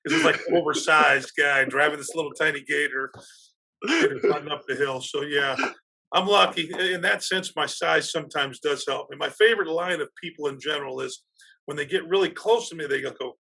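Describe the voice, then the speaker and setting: Husky bright-voiced man telling stories. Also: on the high side, brisk. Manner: animated, laughs through his stories. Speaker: athletic director and guest. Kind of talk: casual storytelling on a podcast.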